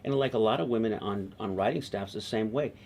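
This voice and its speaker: A male television writer tells a story in an interview, animated and quick to act out other people's lines. His voice sits low. There is a faint hiss behind him. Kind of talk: interview anecdote.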